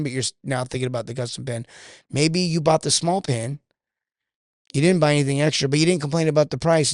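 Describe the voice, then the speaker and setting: Fast-talking man from California. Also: mid-range voice, no room sound, studio quality. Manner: storytelling that acts out both sides of conversations. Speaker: sales coach, podcast guest. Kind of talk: casual podcast conversation.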